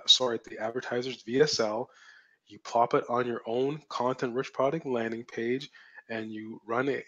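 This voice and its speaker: A man leads a live webinar as a coach, hammering home points with repeated phrases and rhetorical questions. His voice is worn and fading, mid-pitched and ordinary. The stream audio sounds a little dull and lo-fi. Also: fairly bright tone, husky. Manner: emphatic, repetitive, rhetorical questions. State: losing his voice. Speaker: online marketing coach.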